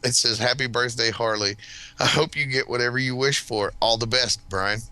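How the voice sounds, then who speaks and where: A man's voice: medium pitch, normal speed, bright, forceful tone, slight background noise, poor audio. A young man in casual chat, teasing and swearing with frequent laughter.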